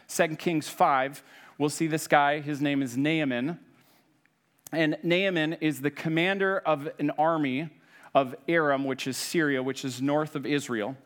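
Male preacher, slightly higher voice, easygoing storytelling sermon, acts out quotes. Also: fairly even intonation, a little slow, a bit bright.

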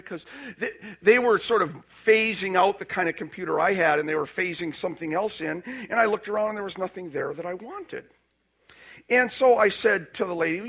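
A male pastor telling a personal story in a sermon, animated, with restarts and acted-out quotes. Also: sits high, normal speed, vocal fry.

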